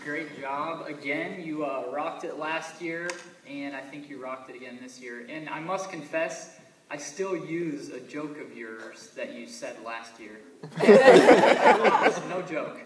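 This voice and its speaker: A man's voice: a little high, takes it slowly, noisy background. A man judging a talent show, giving friendly, joking praise. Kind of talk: judge feedback. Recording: distant echoey hall.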